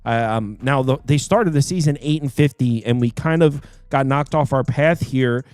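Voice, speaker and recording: A man's voice: medium pitch, normal speed, a little mellow, smooth, no room sound. A man hosting a live sports betting show, talking casually, rambling and correcting himself as he jokes with co-hosts. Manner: rambling, self-correcting, joking.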